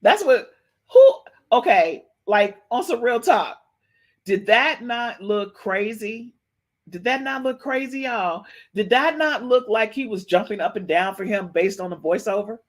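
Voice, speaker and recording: A woman hosting a livestream podcast, reacting excitedly, repeating herself and talking to her chat. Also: a little high, a little slow. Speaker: podcast host. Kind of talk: livestream gossip commentary.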